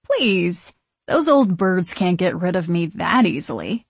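Woman reader doing a gentle, wry aunt's ghost for an audiobook. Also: on the low side, big pitch swings, unhurried, vocal fry, husky, dry recording, full character voice.

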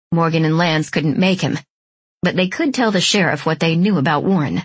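Woman reading an audiobook, low husky voice, steady and measured, dry close sound. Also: dry recording. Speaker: audiobook narrator. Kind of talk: scripted narration.

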